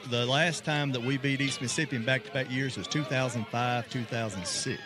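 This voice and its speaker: A man's voice: mid-range voice, brisk, few pauses, music in the background. A man working as a sideline reporter, upbeat and conversational, interviewing a coach on an outdoor football field. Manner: upbeat, conversational, fills in stats.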